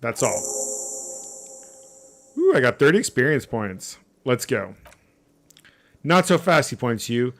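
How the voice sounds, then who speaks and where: A man's voice: mid-range voice, big pitch swings, unhurried, long pauses, a bit bright. Casual man reading a game aloud. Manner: casual, reads text aloud with asides. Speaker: streamer.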